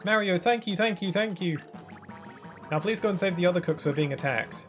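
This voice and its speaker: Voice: medium pitch, big pitch swings, quick pace, faint music behind, voice pushed up, close to an everyday voice. A streamer doing an indignant Toad head chef. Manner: indignant, exclaiming.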